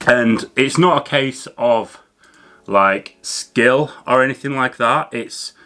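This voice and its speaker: A man's voice: medium pitch, takes it slowly, bright, forceful tone. A man hosting a fishing channel, explaining gear in a chatty, casual way to camera. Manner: chatty, loose with fillers and restarts. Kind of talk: casual educational talk to camera.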